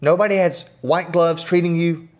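A middle-aged man, a podcast guest, telling personal stories in an earnest, animated way with self-deprecating humor. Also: on the high side, normal speed. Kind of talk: storytelling in conversation.

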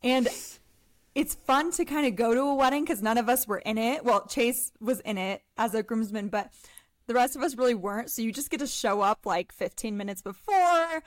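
A woman's voice: a little high, normal speed, dry recording. A young adult woman from Colorado, co-hosting a podcast and telling stories in a bubbly, enthusiastic casual chat. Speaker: podcast co-host.

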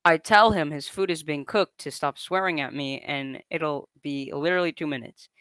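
A man's voice: fairly high pitch, moderate pace, fairly bright tone, clean tone, dry recording. A young man casually reading an online story aloud to a co-host, often breaking into laughter as he reads.

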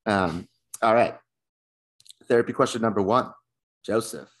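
A man's voice: on the low side, a little slow. A man co-hosting a podcast, chatting casually, swearing and laughing as he tells stories. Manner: loose, swearing, laughing storyteller. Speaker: podcast co-host. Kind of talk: casual chat.

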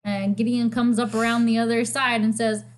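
A woman's voice: a little high, flat delivery, normal speed. A woman co-hosting a podcast, recapping a TV episode in casual chat, swearing freely and laughing as she acts out quotes. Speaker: podcast co-host.

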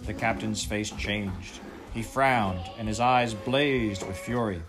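A man narrating a children's story aloud in a measured storytelling manner. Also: lowish voice, music in the background. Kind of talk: audiobook reading.

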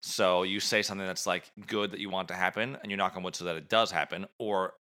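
A man co-hosting a podcast in casual chat, playful and quick to argue his point. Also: deep voice. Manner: playful, argumentative, animated. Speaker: podcast co-host.

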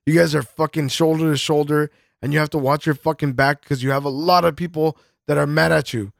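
A podcast co-host with a high, creaky voice speaks fairly quickly in a steady tone. His heated rant is full of swearing and sudden laughs, recorded in clean studio sound with no echo.

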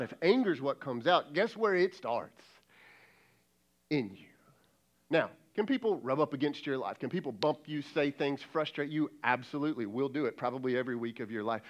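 A man's voice: medium pitch, animated, moderate pace. A man preaching a sermon as lead pastor, talking in a conversational, emphatic way and acting out quoted dialogue.

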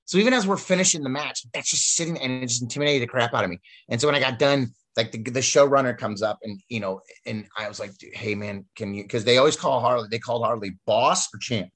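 Male storyteller, mid-pitched, chatty and rambling, loads of fillers. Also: fast, hardly any pauses, a bit bright, breathy edge. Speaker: wrestler telling stories. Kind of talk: casual storytelling chat.

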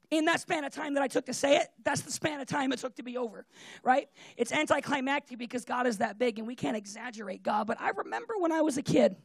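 A preacher giving a casual, conversational sermon with personal stories, talking in an animated way and leaning on "like" and "right?". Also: high-pitched, husky, no room sound. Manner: animated, fillers of "like" and "right?", often laughs.

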